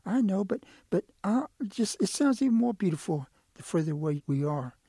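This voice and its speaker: A man's voice: sits high, big pitch swings, moderate pace, dark tone, husky, dry recording, studio quality, pitched above the performer's own voice, heavily acted. A man voicing an eager, sly male quail in a told animal story, talking in a pleading, wheedling way.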